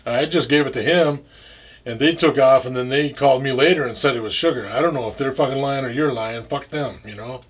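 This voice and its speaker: A man's voice: medium pitch, a little fast, breathy edge. A man telling a story in casual talk, rambling with restarts and frequent swearing. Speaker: interview guest.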